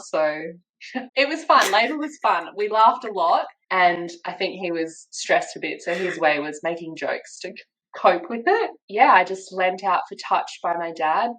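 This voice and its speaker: A young woman with an Australian accent tells a personal story in a relaxed chat. Her voice sits a little low, and she slips into lively quoted voices. She laughs easily as she goes. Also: poor audio. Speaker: podcast guest. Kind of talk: casual storytelling.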